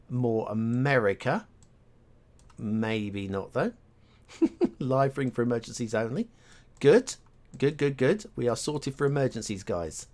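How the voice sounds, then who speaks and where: A man thinking aloud as he plays a geography guessing game, musing and hesitant, talking half to himself with clicks and typing behind him. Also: medium pitch. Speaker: game streamer. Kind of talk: thinking aloud while playing.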